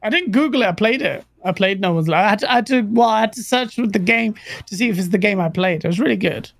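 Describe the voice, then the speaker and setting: Gravelly man, dry close sound. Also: high voice, fast, a bit bright, dry recording. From London. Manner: laughs often, enthusiastic. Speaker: podcast co-host. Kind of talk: casual podcast chat.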